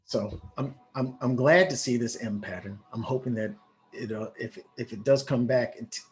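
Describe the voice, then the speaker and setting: This man. He talks through a live trade in a loose, excitable way and keeps restarting his sentences. He sounds like a casual trading teacher talking straight to his viewers. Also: medium pitch, normal speed. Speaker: forex trading educator.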